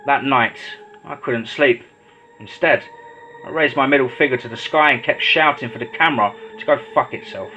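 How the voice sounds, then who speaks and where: A man narrating a horror story in a steady, dramatic storytelling voice. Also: mid-range voice, moderate pace. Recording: slightly dull lo-fi audio with faint music.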